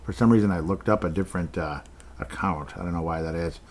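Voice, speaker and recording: A man with a somewhat low voice hosts a casual solo podcast. He rambles from one thought to the next, muttering to himself and chuckling as he reads out listener comments. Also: fast talker. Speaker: podcast host.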